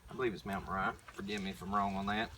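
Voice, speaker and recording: A man's voice: deep voice, steady tone, very fast, background noise. A young man with a Southern American accent giving a blunt, folksy, rambling talk while painting, full of restarts. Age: young adult. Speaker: prepper vlogger. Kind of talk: casual preaching monologue. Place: outdoors at a tiny house build site.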